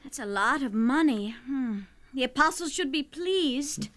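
A woman's voice: sits high, expressive, measured pace, a bit bright. An actress playing a worried older wife who coaxes her husband, in a radio drama. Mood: earnest. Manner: earnest, coaxing. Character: worried, persuasive aging wife.

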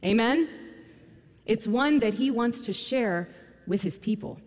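A woman's voice: fairly high pitch, expressive, unhurried, darkish tone. A woman preaching a sermon, retelling a scripture story and addressing her congregation directly. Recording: long hall reverb.

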